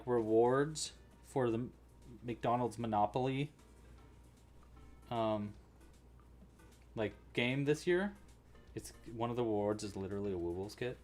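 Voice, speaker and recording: Chatting with viewers in a medium, slightly mellow voice, a man runs a casual live crochet tutorial. He reacts to the chat as he crochets and mutters stitch counts aloud.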